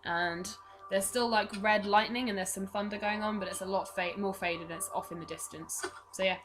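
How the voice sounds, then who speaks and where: A woman's voice: medium pitch, steady tone, moderate pace, music in the background. A woman narrating a tabletop game as game master in a casual, descriptive way.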